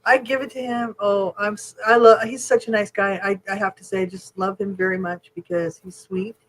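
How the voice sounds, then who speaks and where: A woman co-hosting a podcast in casual chat, frank and animated, swearing freely. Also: mid-range voice, moderate pace, a little hiss or hum, low-quality recording. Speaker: podcast co-host.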